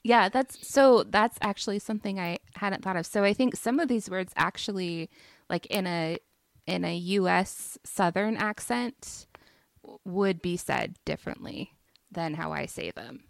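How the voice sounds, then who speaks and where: A woman's voice: on the low side, unhurried, gravelly, dry recording, studio quality. A woman with an American accent, co-hosting a podcast in casual chat and laughing often. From United States. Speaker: podcast co-host.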